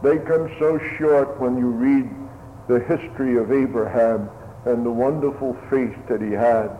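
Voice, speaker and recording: Male preacher, slow solemn pulpit delivery, tinny radio sound with a long hall echo. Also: mid-range voice, steady tone, slight background noise. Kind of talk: sermon. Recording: phone-like radio broadcast in a reverberant hall.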